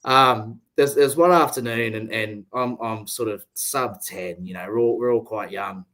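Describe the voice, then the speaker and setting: Young male guest, Australian accent with British tinge, relaxed and chuckly, video call. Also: fairly low pitch, a little slow. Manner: laid-back, chuckling often. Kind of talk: casual interview chat.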